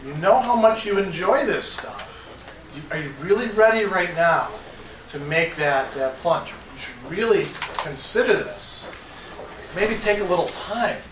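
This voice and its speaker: A man's voice: high-pitched, expressive, a little slow, background noise. A man putting on coaxing temptress voices. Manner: coaxing, pleading. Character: tempting old habits as coaxing female mistresses. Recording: echoey classroom, mic far off.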